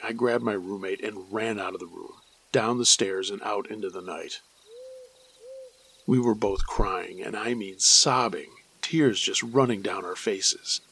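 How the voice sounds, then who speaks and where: A man hosting a spooky story show, reading a listener's first-person account in a measured, steady way. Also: fairly low pitch, creaky. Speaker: storyteller and host.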